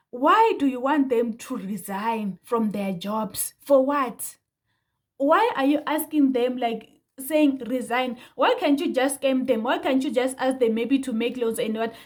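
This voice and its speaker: Talking casually to camera, a young woman from South Africa vents to her viewers in an indignant, heated tone, repeating points for emphasis. Her high voice has a slightly mellow quality.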